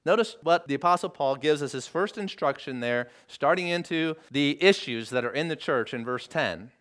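A male pastor delivers a sermon in a fairly high voice that rises and falls with great animation. He presses his listeners with earnest rhetorical questions and stacks up repeated phrases for emphasis. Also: expressive, moderate pace, a bit bright.

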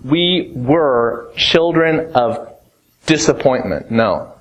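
Male preacher, lighter high voice, fervent sermon delivery that drops low and grave for emphasis. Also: very animated, measured pace, fairly bright tone, muffled recording. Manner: emphatic, swings between rising fervor and low grave tones.

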